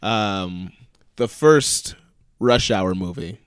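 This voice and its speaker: A man co-hosting a casual movie chat who retells scenes with lively energy and laughs often. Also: low voice, extremely slow, smooth, dry recording, clean studio sound. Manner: animated storyteller, laughs often, acts out scenes. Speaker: podcast co-host.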